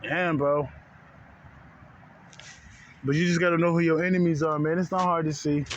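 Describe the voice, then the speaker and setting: A man's voice: a little high, steady tone, moderate pace, highs cut off, a little hiss or hum. A man ranting to his viewers in a heated, profane, repetitive way, calling them bro again and again. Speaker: spiritual vlogger. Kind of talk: casual rant to camera.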